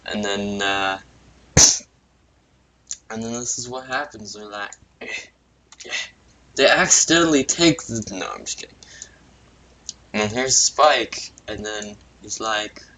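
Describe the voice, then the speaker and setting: A man narrates a goofy story while he draws, talking slowly in a low but bright, forceful voice. He rambles, amuses himself and mutters asides into a computer microphone with a faint hiss behind him. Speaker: video creator. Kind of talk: casual narration while drawing.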